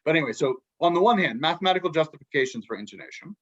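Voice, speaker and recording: A man, a podcast guest and book author, explaining music ideas in a lively way and acting out quotes from musicians. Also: fairly high pitch, racing, slightly rough, highs cut off. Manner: animated, acts out musicians' quotes, many restarts.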